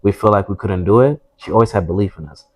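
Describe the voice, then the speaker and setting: A young man just out of high school, telling stories in an earnest, rambling casual chat. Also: fast, a little mellow, dry recording. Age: young adult. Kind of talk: casual storytelling.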